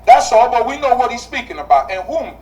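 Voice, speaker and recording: Bible teacher, class lesson, rhetorical questions, repeats phrases, mid pitch, a bit distant from the mic. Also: sing-song, brisk, a little mellow. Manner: repeats key phrases for emphasis.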